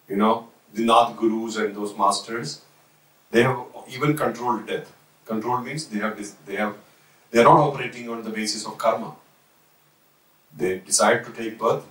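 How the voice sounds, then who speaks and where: A man giving a slow, reflective spiritual talk, pausing often and restarting his phrases. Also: mid-range voice, a bit bright. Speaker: spiritual teacher. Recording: roomy, voice from a distance.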